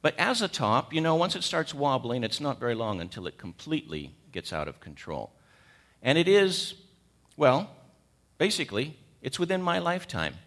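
A man's voice: mid-range voice, big pitch swings, normal speed, a bit bright. A man in his sixties with a cold, preaching a sermon, emphatic and repeating key words as he questions the congregation. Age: 60s. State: has a cold.

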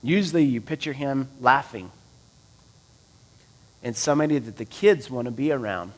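A man preaching a sermon, reading scripture aloud and explaining it in a conversational way, asking his listeners questions and swinging between loud and quiet. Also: medium pitch, normal speed. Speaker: pastor.

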